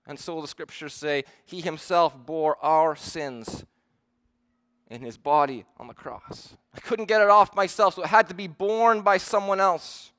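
Preacher, male, fairly high voice, earnest and emphatic sermon delivery. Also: fairly bright tone. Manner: earnest, emphatic, with slow stressed quotes.

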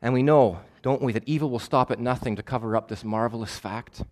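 A male preacher delivering a sermon, emphatic and measured, repeating key phrases for weight. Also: medium pitch, a little mellow. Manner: measured, stretches words for stress.

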